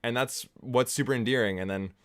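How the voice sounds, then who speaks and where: A man's voice: mid-range voice, a little fast. A man hosting a casual movie watch-along commentary, rambling and enthusiastic. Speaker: film reviewer, host.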